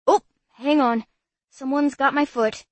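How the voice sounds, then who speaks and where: A woman's voice: sits high, fairly even intonation, dry recording, pitched above the performer's own voice. A woman doing an officious, self-important boy. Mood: protesting. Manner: brisk, officious.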